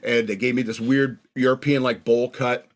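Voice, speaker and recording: With a steady tone, a medium pitch and an ordinary speed, this man reminisces on his podcast. He's in his forties and from northern New York, and he drifts through stories of his youth, laughing at himself.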